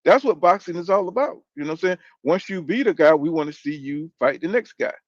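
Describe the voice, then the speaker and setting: Brief: man, fairly high voice, loose swearing commentator, dull dry lo-fi sound. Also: lively intonation, brisk, no room sound. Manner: rambling, profane, keeps saying "you know what I'm saying". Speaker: boxing commentator. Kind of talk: casual opinion rant.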